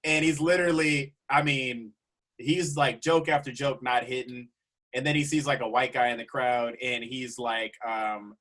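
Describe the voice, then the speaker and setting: A man's voice: mid-range voice, steady tone, normal speed, a bit bright. A man who is a guest on a podcast, telling comedy road stories in a loose, casual way and laughing along with the host. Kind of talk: casual storytelling chat.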